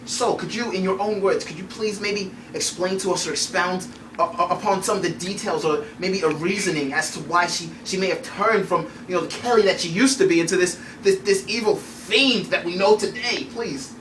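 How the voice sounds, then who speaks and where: A man's voice: high voice, moderate pace, noisy background, natural voice. A man playing an overdramatic TV news reporter in a home-video mock news skit, rambling with many restarts. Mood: grave. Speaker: TV field reporter. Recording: echoey room from far off.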